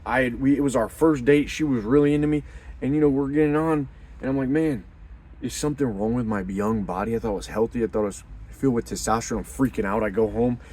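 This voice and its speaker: A young man hosting a men's community video, talking casually and bluntly, calling the listener dude, with loud emphatic bursts. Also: mid-range voice, fast. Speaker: host of a men's community channel. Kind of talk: casual unscripted monologue.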